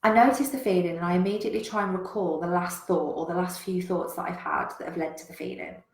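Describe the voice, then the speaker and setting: A woman business coach, giving a frank, animated motivational talk to a live chat and swearing freely. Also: lowish voice, fast talker. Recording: roomy echo.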